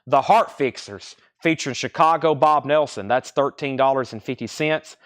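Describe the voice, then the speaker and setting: A young man hosting a live record sale, rambling casually between quick price call-outs. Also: mid-range voice, fairly bright tone. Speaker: record store host running a live sale. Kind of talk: casual livestream sales patter.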